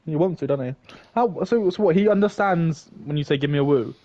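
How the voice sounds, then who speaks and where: Co-commentator: a man with a fairly high voice, dry and teasing, coming through a muffled, lo-fi mic. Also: a little fast, dark tone, no room sound. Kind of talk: casual live-stream commentary. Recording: dull lo-fi mic.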